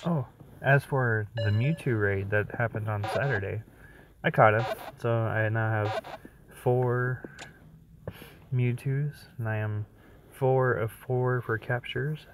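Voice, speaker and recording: A tired man streaming from his phone while sitting in his parked car, chatting casually in a slow, rambling way. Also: mid-range voice, steady tone, noisy background. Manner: slow, sleepy and rambling, yawning between thoughts. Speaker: streamer playing a mobile game. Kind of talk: casual live-stream chat.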